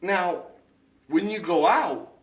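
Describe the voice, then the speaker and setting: Speaking slowly in a high-sitting voice, a young podcast host tells a lengthy, profane story and animatedly performs other people's voices. The casual chat was recorded from far away in an echoey room, a bit off-mic.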